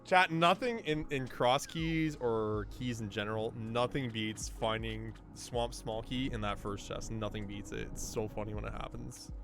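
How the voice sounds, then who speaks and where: A man casually commentating a video game race for his chat, excitable and laughing often, with sudden bursts of loud disbelief. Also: on the low side, unhurried, hardly any pauses, soft background music.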